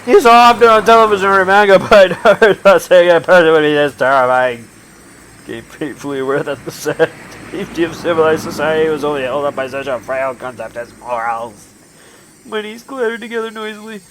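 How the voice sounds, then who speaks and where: A man hosting a let's play, reading a visual novel aloud with animated laughing asides and swearing, with traffic noise behind. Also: a little high, brisk.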